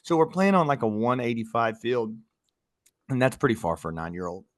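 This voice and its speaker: Brief: male youth baseball coach, co-host, lively storyteller, mid-pitched voice, close dry recording with no room sound. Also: fairly quick, no room sound. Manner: animated storytelling, quoting players. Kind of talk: casual podcast chat.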